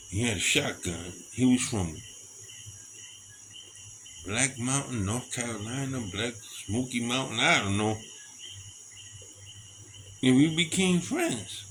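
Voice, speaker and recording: A middle-aged man talks in a loose, rambling monologue at a medium pitch, animated and quick to chuckle as he goes. Faint crickets and insects hum behind him. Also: low-quality recording. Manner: animated, chuckles often between stories. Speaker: storyteller. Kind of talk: casual monologue.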